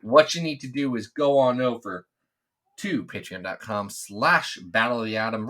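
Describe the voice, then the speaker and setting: A man's voice: mid-range voice, normal speed, pushed and bright. A man in his thirties co-hosting a podcast in casual chat, jokey and rambling with asides. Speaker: podcast co-host.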